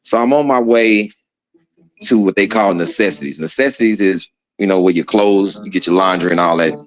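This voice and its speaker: A man casually telling a story about his time in prison, slangy and animated, acting out the other people's voices and laughing along. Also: sits low, brisk, poor audio.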